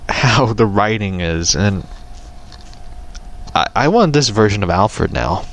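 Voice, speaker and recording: A man's voice: lowish voice, animated, takes it slowly, a little hiss or hum. A man who hosts a casual show, reading a comic aloud and chatting with enthusiasm, laughing often.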